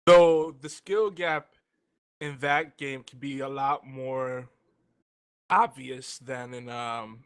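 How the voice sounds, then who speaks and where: A man talking casually as a guest on a round-table gaming show while eating, his talk rambling and relaxed. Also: medium pitch, takes it slowly, clear, resonant tone. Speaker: guest panelist.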